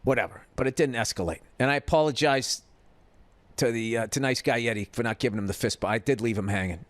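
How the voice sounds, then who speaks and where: Fast-talking and mid-pitched, this middle-aged podcast host from Boston tears through a story in a casual, cursing rant. He animatedly voices the people he quotes, and the recording carries no room sound.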